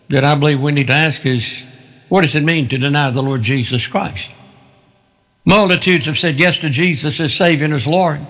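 A man's voice: fairly high pitch, a bit bright, big-room sound. A man preaching a sermon with emphatic, repeated phrases.

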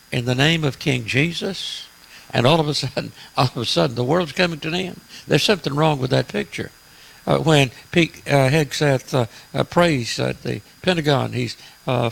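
A man's voice: fairly high pitch, gravelly, a bit bright, poor audio. A man hosting a radio talk show, delivering an emphatic, preachy political monologue with frequent "uh" fillers.

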